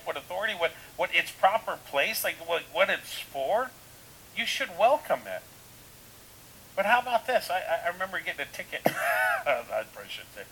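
A man's voice: sits high, bright, forceful tone, slight background noise, rough recording. A man preaching a sermon in a casual, conversational way, full of rhetorical questions and restarts. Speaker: pastor.

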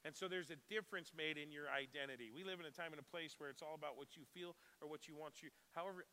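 A man's voice: a little high, fast, few pauses, sharp tone, long reverb tail. A man preaching a sermon in a church, talking conversationally and putting questions to the congregation. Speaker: pastor. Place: church sanctuary.

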